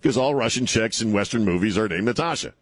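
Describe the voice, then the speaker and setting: With a lowish, lively voice, this man speaks fast on a clean studio recording with no room sound. He hosts a talk radio show full of casual, rambling, sarcastic banter, chuckling at his own jokes.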